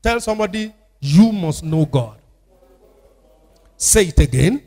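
A man's voice: sits high, animated, unhurried, warm tone. A man with a Nigerian accent preaching a sermon as pastor, repeating phrases and calling on the congregation to answer. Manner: call-and-response preaching with repetition. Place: church. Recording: church hall with long reverb.

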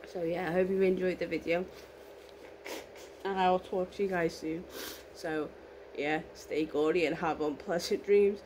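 A woman with a hoarse voice, gushing excitedly and emotionally in a casual unboxing vlog. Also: mid-range voice, noisy background. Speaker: vlogger.

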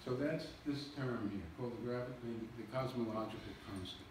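A man's voice: medium pitch, a little fast, noisy background. A man giving a public lecture with slides, explaining step by step and poking fun at himself. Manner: jokey, self-deprecating, explains with slides. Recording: echoey hall recording from far off.

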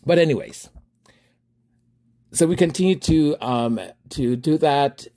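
A man with a fairly high-pitched voice speaks slowly while hosting his own podcast. Telling a story casually and with animation, he laughs frequently and takes on both roles in a conversation.

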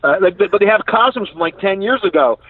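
A man's voice: high voice, lively intonation, brisk. A man with a Philadelphia accent, a comedian guest chatting casually and laughing through rambling stories, calling in from his truck. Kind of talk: casual chat. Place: inside his parked truck. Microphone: phone call. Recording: tinny dry phone line.

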